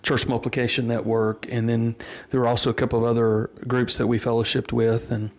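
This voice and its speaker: A middle-aged pastor with a drawl tells his story slowly and earnestly, picking up again after small restarts. His voice sits at an ordinary pitch for a man and sounds plain and natural. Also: little pitch movement, a little mellow. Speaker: pastor and interview guest. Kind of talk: storytelling in a casual interview.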